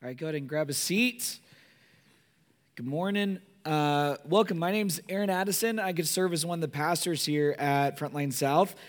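Pastor guy preaching, kinda hoarse from a cold, a bit high, chatty and jokey with lots of ums. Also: normal speed. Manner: casual, joking, lots of fillers and asides. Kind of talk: sermon.

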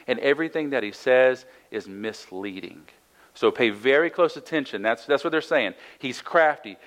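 A man's voice: medium pitch, a bit bright, rough recording. A man preaching and teaching through a Bible passage in a conversational sermon, reading verses aloud and explaining them with frequent "right?" asides. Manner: reads scripture aloud then explains it. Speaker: pastor.

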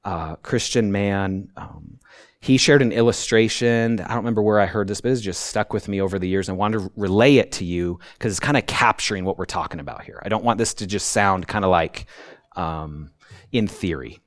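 A male pastor giving a conversational sermon, often checking in with "right?" and acting out quotes with sudden high outbursts. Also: brisk, no room sound, studio quality. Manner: conversational preaching, tags points with "right?".

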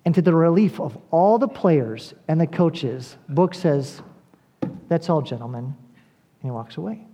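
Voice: medium pitch, lively intonation, a little slow, muffled recording. A pastor preaching a sermon, earnestly addressing the congregation directly and building to emphatic, repeated appeals.

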